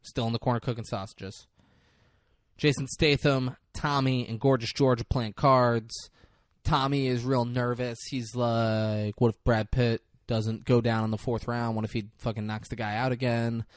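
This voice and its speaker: A man's voice: medium pitch, moderate pace, no echo, studio quality. A man co-hosting a podcast, recapping a film in casual chat and acting out the characters' lines with swearing. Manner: animated retelling with acted-out quotes, swearing. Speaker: podcast co-host.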